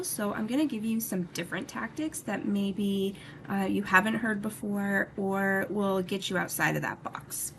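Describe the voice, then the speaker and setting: A woman hosting a wellness podcast, chatting casually and addressing her listeners directly. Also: medium pitch. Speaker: wellness podcast host and health coach.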